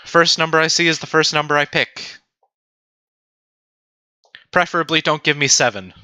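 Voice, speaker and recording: A young man teaching a programming tutorial on a livestream, animated and self-mocking as he talks to his chat. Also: fairly high pitch, moderate pace, smooth, no room sound. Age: young adult. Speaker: teaching assistant.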